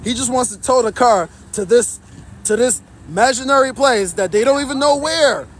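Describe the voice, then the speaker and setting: A man's voice: very high-pitched, normal speed. A man livestreaming outdoors from his phone, indignantly commenting to his chat in a repetitive way.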